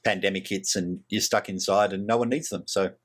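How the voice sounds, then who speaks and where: A man's voice: deep voice, steady tone, a little fast. A man co-hosting a tabletop game podcast, talking in an upbeat, chatty way. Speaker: podcast co-host. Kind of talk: casual chat.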